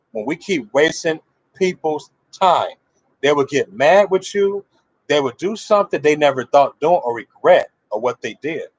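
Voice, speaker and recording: A man's voice: on the high side, dry recording. A male preacher giving a sermon, telling a story and putting rhetorical questions to his listeners.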